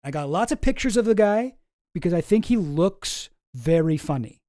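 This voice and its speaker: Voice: medium pitch, lively intonation, moderate pace, dark tone, no room sound, studio quality. A streamer giving casual commentary in a rambling, profane way, often breaking off mid-sentence and sometimes sarcastic. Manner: rambling, profane, self-interrupting.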